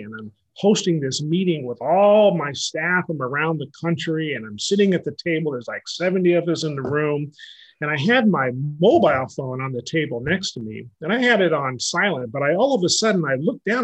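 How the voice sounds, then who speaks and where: A man in his fifties, an author interviewed as a guest, telling animated stories with frequent laughter. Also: fairly high pitch, moderate pace, low-quality recording. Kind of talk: conversational interview storytelling.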